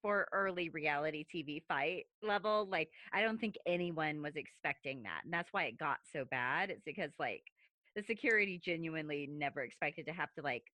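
A woman's voice: sits low, expressive, a little fast, sharp tone, no room sound. A young woman co-hosting a casual podcast, chiming in with wry jokes. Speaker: podcast co-host. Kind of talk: casual chat.

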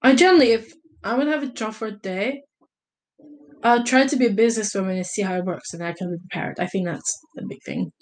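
A woman's voice: medium pitch, quick pace. Rambling young woman answering questions. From Italy. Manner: rambling, hesitant, lots of fillers and self-corrections. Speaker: vlogger. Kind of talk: casual question-and-answer vlog.

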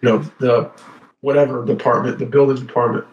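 A man's voice: mid-range voice, steady tone, brisk, lo-fi sound. A young man in casual chat, rambling through stories in a slangy way, calling people bro and dude. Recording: echoey room.

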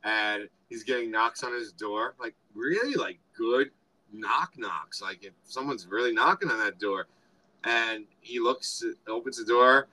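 Male co-host, bright and rambling, casual retelling of film scenes. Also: mid-range voice, measured pace, rough recording. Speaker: podcast co-host. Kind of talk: casual movie review chat.

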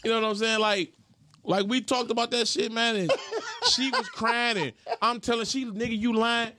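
A man co-hosting a podcast in casual chat, telling stories in an animated, profane way. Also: very high voice, moderate pace, a little hiss or hum. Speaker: podcast co-host.

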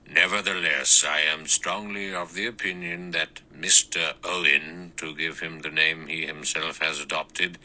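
A man voicing an old, stern judge who speaks in a measured, precise and commanding way. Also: a bass voice, bright, forceful tone, a little hiss or hum, exaggerated voice, low-quality recording. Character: old stern male judge, calm, authoritative.

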